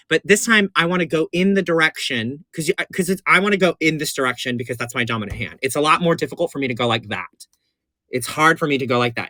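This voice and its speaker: Hosting a livestream makeup tutorial, a man who performs in drag is campy and talkative, gushing repetitively and calling his viewers honey and baby. His voice is medium-pitched with a sharp tone, recorded at studio quality with no echo.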